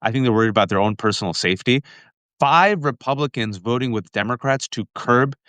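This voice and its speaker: Impassioned male political show host, mid-pitched, dry close mic. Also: fairly bright tone, no room sound. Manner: impassioned, fast bursts, addresses viewers as folks. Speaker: podcast host.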